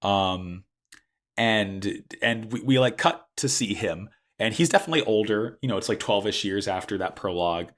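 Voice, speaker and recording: A man's voice: on the low side, animated, normal speed. A man co-hosting a podcast, recapping an anime in a rambling, casual way, full of "like" and restarts. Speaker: podcast co-host.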